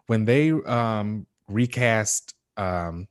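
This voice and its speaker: A man with a fairly low voice talks loosely, filling his sentences with "um" and "like" and often breaking into laughter. It sounds like a casual recap chat, recorded close and dry with no room sound. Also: lively intonation, extremely slow, clean tone, no echo. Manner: rambling with many fillers and laughs. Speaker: podcast co-host.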